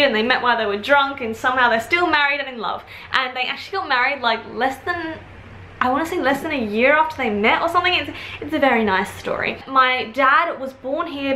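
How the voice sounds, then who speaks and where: Woman, twenties, Australian accent with British influence, chatty and rambling, bright tense voice, roomy echo, faint hum. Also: high-pitched. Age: 20s. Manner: chatty, rambling, quick asides. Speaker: vlogger. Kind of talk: casual chat to camera. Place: at home, indoors.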